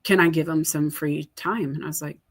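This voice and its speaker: Husky-voiced woman host, low pitch. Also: brisk. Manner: candid, animated storytelling. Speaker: host and coach. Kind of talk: casual chat.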